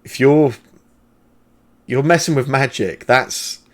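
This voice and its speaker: A man voicing a watchful woman ally who speaks in a measured, quietly reproachful way. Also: mid-range voice, lightly acted.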